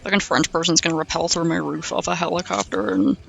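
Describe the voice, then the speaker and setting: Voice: mid-range voice, fairly even intonation, fast talker, gravelly, a bit bright, soft background music. A streamer chatting casually with viewers while crafting, swearing freely and often dropping into murmurs and whispers.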